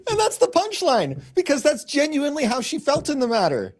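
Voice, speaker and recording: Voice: high-pitched, huge pitch swings, fairly quick. A podcast host prompting a guest with short, encouraging reactions and questions. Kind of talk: casual interview.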